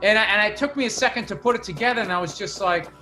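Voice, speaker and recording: High-voiced man ranting in profane chat. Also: racing, sharp tone, faint music behind. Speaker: podcast guest comedian. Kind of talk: casual storytelling chat.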